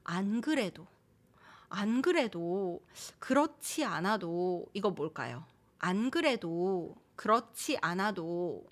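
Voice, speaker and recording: Her voice is fairly low, swinging widely in pitch, and she talks very fast. This woman, a Korean language teacher and native Korean speaker, teaches phrases on a live stream, mixing English and Korean, repeating examples and reading out the names and comments of viewers.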